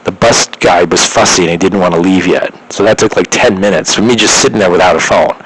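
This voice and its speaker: A man's voice: low voice, fairly quick, breathy edge, poor audio. A young man vlogging, telling a rambling personal story with many restarts and filler words.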